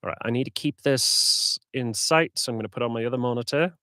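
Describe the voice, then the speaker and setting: A man's voice: mid-range voice, fairly quick, no echo, studio quality. A man with a slightly scratchy voice, rambling casually to himself as he sets up a live stream. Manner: rambling self-talk while setting up software. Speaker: streamer and audiobook narrator. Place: home recording setup.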